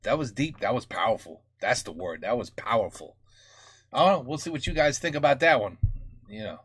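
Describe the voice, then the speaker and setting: American man, reaction host, bright tone, close dry mic, talks in fits and starts. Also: medium pitch, expressive, a little fast, breathy edge, no echo. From United States. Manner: thinking aloud, many fillers and restarts. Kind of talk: casual reaction commentary.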